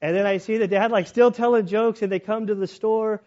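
A man's voice: sits high, fairly even intonation, fairly quick, darkish tone. A man giving a conversational sermon, telling a story in a chatty way with many fillers. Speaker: preacher. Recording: muffled, dull recording.

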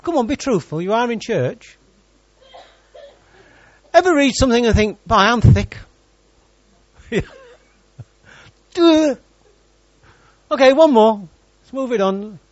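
A man's voice: extremely high pitch, very animated, takes it slowly, pauses often, a little mellow, dry recording, lo-fi sound. A man preaching a sermon in church, reading scripture and joking with the congregation.

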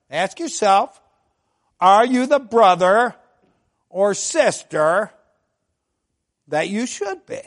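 A man's voice: high-pitched, fairly bright tone. An older man preaching a sermon as pastor, fervent, full of rhetorical questions and frequent amens.

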